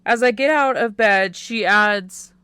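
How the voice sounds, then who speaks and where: A woman narrating a first-person teen romance audiobook in a quiet, unhurried way. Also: medium pitch, clean tone, dry recording.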